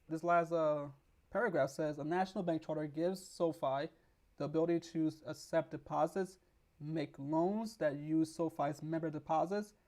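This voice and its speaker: A man hosting a stock market video, hoarse from losing his voice, rambling with restarts as he reads news aloud and explains it. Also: a little high, darkish tone. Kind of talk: casual explainer with screen reading.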